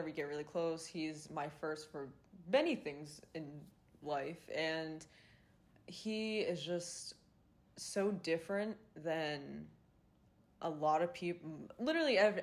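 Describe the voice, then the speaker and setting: A young woman hosting a podcast, telling a personal dating story in a casual confessional way, swearing and fighting back tears. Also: deep voice. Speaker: podcast host.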